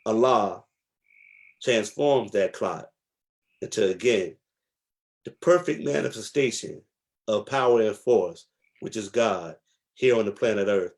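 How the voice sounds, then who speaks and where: A man from New Jersey with a rather low voice talks through his memories as an interview guest. He speaks reflectively and with emphasis, pausing on fillers as he builds each point. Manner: reflective, slow, emphatic storytelling with many fillers. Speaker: guest, historian. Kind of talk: casual interview storytelling.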